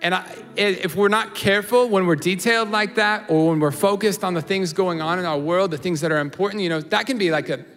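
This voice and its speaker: A man's voice: high voice, brisk, few pauses, fairly bright tone, long reverb tail, soft background music. A man in his thirties preaching a sermon in a conversational, storytelling way, often checking in with "all right?" and "you know". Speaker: pastor.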